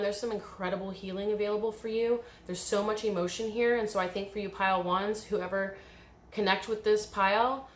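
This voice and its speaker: A woman's voice: medium pitch, reverberant. A woman giving an emotional pick-a-card tarot reading, coaching viewers through a guided visualization. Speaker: tarot reader.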